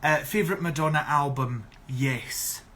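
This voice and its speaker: A young Scottish man, a drag performer, is on a casual live stream reading viewer questions aloud and answering them in a chatty, sarcastic way. His voice is on the high side, pushed and bright, at a measured pace.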